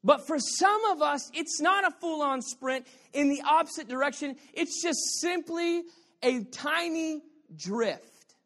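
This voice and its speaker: A male pastor preaching a sermon, playful and animated, dropping to quiet asides and then shouting his points while bantering with the congregation. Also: very high voice, unhurried.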